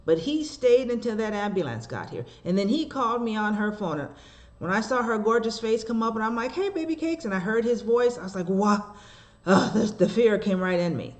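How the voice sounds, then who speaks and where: A woman minister preaching a sermon. She shifts between slow, measured scripture reading and animated storytelling full of rhetorical asides. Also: medium pitch.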